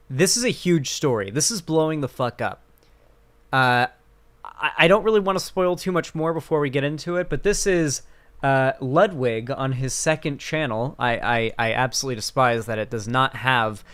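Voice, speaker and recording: A man's voice: mid-range voice, a bit bright. A man hosting a casual commentary stream, talking in a rambling, sarcastic way with many fillers.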